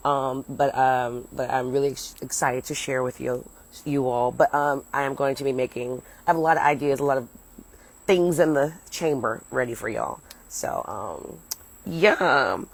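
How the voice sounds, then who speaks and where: Her voice is very deep and her pace moderate as this young comedian from the United States rambles through a story on a livestream. She's at home, partly outdoors, phone at arm's length, swearing freely and pausing to chat with viewers, on a low-quality recording.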